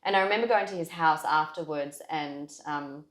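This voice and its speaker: Low-voiced woman telling a heartfelt story. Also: normal speed. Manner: heartfelt, rambling with many "like"s and restarts. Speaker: podcast guest. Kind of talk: emotional personal storytelling. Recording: roomy echo.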